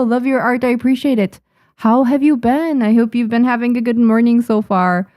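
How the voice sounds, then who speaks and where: A woman's voice: on the high side, steady tone, normal speed, mellow, slight background noise. A young adult woman, a manga artist, chatting casually on a livestream at her desk microphone, thanking viewers with frequent ums. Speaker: manga artist streaming to chat.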